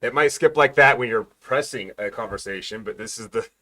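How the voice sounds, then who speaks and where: A man's voice: mid-range voice, brisk, sharp tone. A man chatting casually while playing a video game, explaining how it works and laughing often. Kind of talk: casual gaming chat.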